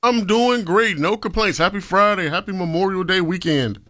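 A man's voice: sits high, normal speed, a bit bright, no echo, studio quality. A man co-hosting a morning show, laid-back and a little hesitant in casual banter.

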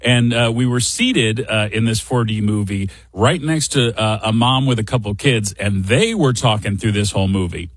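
Man, middle-aged, husky, dry close sound, chatty and wry host. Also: lowish voice, moderate pace, few pauses, no echo. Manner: chatty, wry and self-deprecating. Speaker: radio show host. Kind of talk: casual storytelling chat.

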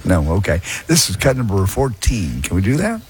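A man's voice: on the low side, wildly swooping pitch, moderate pace, darkish tone, a little hiss or hum. A man co-hosting a live morning radio show outdoors at a car event, upbeat and reading out event details. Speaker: radio co-host.

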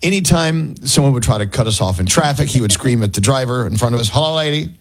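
A middle-aged man hosting a morning radio show, chatty and quick to laugh. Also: medium pitch, animated, low-quality recording. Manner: chatty, jokey, laughs easily. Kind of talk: casual radio chat. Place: radio studio.

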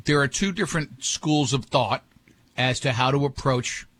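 Guy hosting morning radio, kinda husky, rambles and jokes around. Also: mid-range voice, normal speed, fairly bright tone. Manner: rambling, jokey, restarts sentences. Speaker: radio show host. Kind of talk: casual morning radio banter.

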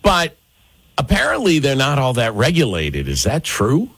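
A male radio host talks in a casual, teasing way with a lively, swinging pitch. The studio sound is dry and close. He chats easily with a guest. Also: normal speed, creaky, slightly rough, no room sound.

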